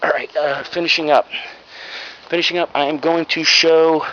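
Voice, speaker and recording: A man's voice: a little high, fairly even intonation, moderate pace, sharp tone. A man casually showing off his secondhand finds in a video, rambling and frank, with plenty of ums and uhs. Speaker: reseller vlogger. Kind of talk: casual show-and-tell haul video. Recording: lo-fi home video with clear background noise.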